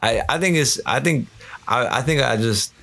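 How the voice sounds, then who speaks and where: A man's voice: medium pitch, normal speed, gravelly. A young man co-hosting a casual chat podcast, telling stories with lots of laughter and acted-out voices. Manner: animated storyteller, acts out party voices, laughs often. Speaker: podcast co-host.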